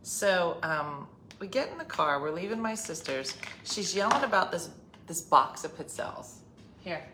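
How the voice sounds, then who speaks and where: A middle-aged woman hosting a casual chat, telling a family story in a wry, deadpan way and acting out the arguments. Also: on the low side, normal speed, background noise. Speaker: podcast host. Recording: roomy echo, faint background ambience.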